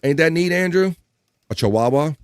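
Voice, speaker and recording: A man hosting a live stream, reading offbeat news and chat comments aloud in a jokey, animated way. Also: fairly high pitch, normal speed, clean tone, no echo, clean studio sound. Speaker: live-stream show host. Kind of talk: casual news read and chat.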